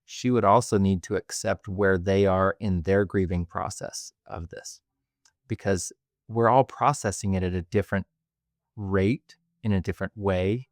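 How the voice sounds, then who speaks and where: Man, podcast host, reflective, measured speech, somewhat deep voice, dry close sound. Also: fairly even intonation, no echo. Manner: thoughtful, measured, with hesitations. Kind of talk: reflective conversation.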